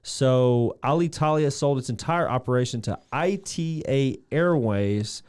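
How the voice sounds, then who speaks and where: A man's voice: medium pitch, unhurried, darkish tone, clean tone. A man co-hosting a podcast, cracking jokes and reading out background facts. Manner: joking, reads out background facts. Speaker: podcast co-host. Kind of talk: casual podcast chat.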